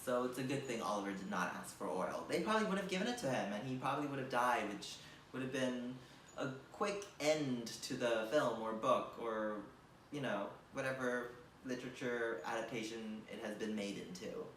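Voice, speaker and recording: A young man doing stand-up, rambling and padding every thought with fillers. His voice sits at an ordinary pitch and reaches the mic from a distance. The room around him is echoey. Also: normal speed, fairly bright tone, slight background noise. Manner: rambling, filler-heavy delivery with many likes and you knows. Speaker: stand-up comedian. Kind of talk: stand-up comedy set.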